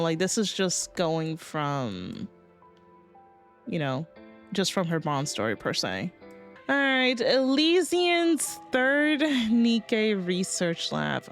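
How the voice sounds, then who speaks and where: A woman's voice: mid-range voice, slow, faint music behind. A woman streamer chatting casually while reading a game story, rambling with fillers and cursing. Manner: rambling, many fillers, swearing, excited outbursts. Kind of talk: casual live-stream commentary.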